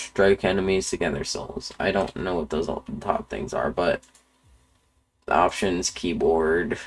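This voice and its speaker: A man's voice: low-pitched, a little slow. A man streaming a video game, talking to himself in offhand, mumbled remarks as he plays. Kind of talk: live gameplay commentary.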